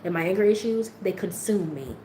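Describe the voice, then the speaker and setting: A woman's voice: lowish voice, lively intonation, a little fast, dark tone, roomy sound, slight background noise, rough recording. A woman hosting a livestream, speaking frankly and with plenty of swearing as she talks straight to her viewers in a candid, motivational way. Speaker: livestream host.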